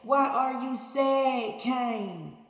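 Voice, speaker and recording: A woman's voice: sits high, very slow, voice pushed up. A woman voicing God as he scolds a jealous son, with stern, repetitive questioning. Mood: scolding. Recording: echoey hall, faint ambience.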